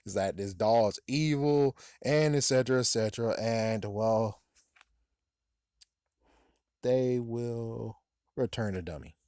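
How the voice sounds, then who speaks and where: A man's voice: medium pitch, slow, long pauses, warm tone, no room sound, studio quality. Profane, rambling man reviewing a book. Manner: rambling, profane, laughs often. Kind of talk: casual spoken review.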